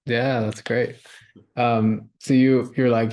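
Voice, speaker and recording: A man's voice: medium pitch, little pitch movement, slow pace, a little mellow. A man interviewing a guest, mostly giving short reactions and laughing along. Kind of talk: casual interview.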